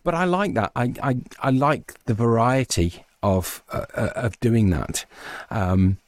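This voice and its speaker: An audiobook narrator, a man with a mid-range voice, chats unhurriedly as a guest in a casual interview, explaining his work at length. There's no echo on the recording.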